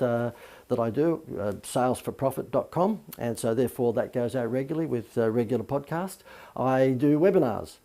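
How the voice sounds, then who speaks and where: A man's voice: mid-range voice, gravelly, warm tone. A man teaching a business marketing lesson as a coach, talking in a chatty, informal way with many fillers and asides.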